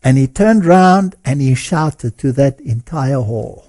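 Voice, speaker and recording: A man telling a story in an interview as a lecturer, animated and often chuckling as he talks. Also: mid-range voice, unhurried. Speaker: guest speaker and lecturer.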